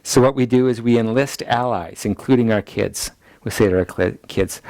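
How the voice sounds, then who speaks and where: A man teaching a ministry school lecture in a voice of ordinary pitch. He repeats his main points so they can be written down. The sound is dry and close, with no room echo. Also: moderate pace, darkish tone. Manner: acts out people's anxious inner voices in quotes; repeats key points for note-taking.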